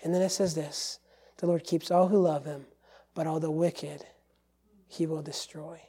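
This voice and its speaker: Emphatic male pastor, mellow voice. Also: on the high side, steady tone, a little slow, husky. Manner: emphatic, swings from loud to hushed. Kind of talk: sermon.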